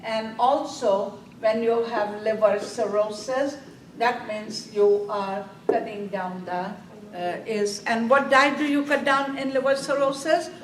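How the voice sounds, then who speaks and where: A slow-spoken woman, lecturing a nursing review class. She keeps asking her students questions and answering them herself, pressing each point home. She is recorded from across an echoey classroom, with faint room noise behind her. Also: fairly high pitch, fairly even intonation, recorded from a distance. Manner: quizzing students with repeated questions, slow and emphatic. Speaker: nursing exam instructor.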